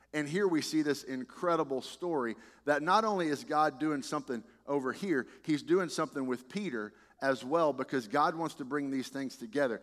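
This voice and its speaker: A man preaching a sermon as a pastor, talking in a conversational, animated way with frequent restarts. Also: medium pitch, big-room sound.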